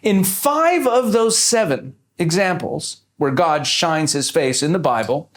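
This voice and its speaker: A man's voice: on the high side, expressive, measured pace. A man teaching scripture, explaining each point step by step and posing rhetorical questions to his audience. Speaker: Bible teacher.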